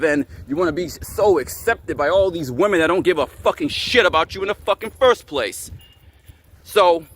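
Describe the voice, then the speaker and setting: A man's voice: fairly high pitch, fairly bright tone. A man hosting his own channel, ranting angrily at the camera, swearing and repeating himself. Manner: angry, repetitive and profane. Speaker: channel host.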